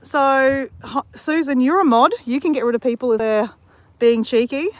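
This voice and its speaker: A woman's voice: high voice, normal speed, dry recording. A woman hosting a casual livestream from outdoors near a beach, telling rambling stories and talking straight to her viewers. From Australia. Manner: rambling, storytelling, addresses her chat viewers directly. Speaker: livestream host. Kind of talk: casual live-stream chat.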